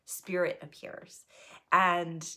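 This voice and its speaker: A woman with a slightly low voice tells a personal story in a loose, chatty monologue. She is animated, lifts her voice sharply when reliving nervous moments, and keeps checking in with a quick "right?". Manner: chatty, keeps asking "right?" between thoughts. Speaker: improviser and solo stage performer.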